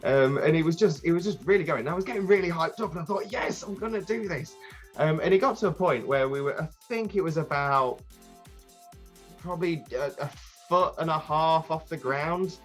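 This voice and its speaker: Man telling an animated story. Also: fairly high pitch, fairly quick, soft background music. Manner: animated, acts out crowd voices; rambling, many restarts. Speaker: podcast guest, streamer. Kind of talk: casual storytelling.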